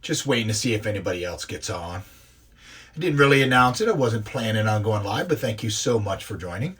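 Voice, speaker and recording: A man in his forties chatting excitedly through an impromptu live unboxing, gushing and talking with many fillers. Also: lowish voice, a little fast, breathy edge. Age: 40s. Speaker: live streamer unboxing grooming products.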